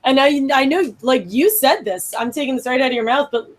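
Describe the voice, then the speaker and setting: A woman's voice: high voice, lively intonation, brisk. Gushing woman podcast co-host. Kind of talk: casual chat.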